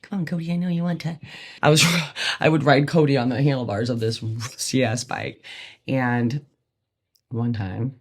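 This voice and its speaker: A woman's voice: very deep voice, moderate pace, darkish tone. A woman hosting a podcast, telling candid personal stories in a rambling way, laughing often and swearing casually. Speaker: podcast host.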